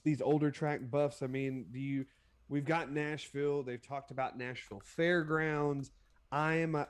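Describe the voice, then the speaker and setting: Halting podcast co-host man. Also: medium pitch. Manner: halting, searching for words. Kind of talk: casual podcast chat.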